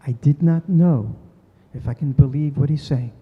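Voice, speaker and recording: A man's voice: on the high side, moderate pace, breathy edge. Earnest older man telling a story in a hall. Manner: earnest, voices quoted people. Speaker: speaker giving a talk. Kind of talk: storytelling talk. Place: synagogue hall. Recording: dull recording in a reverberant hall.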